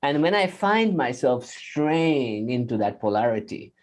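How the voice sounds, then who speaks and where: A man answering questions in a spiritual interview on a video call, animated and laughing often, acting out inner voices. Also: mid-range voice, measured pace. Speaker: guest teacher.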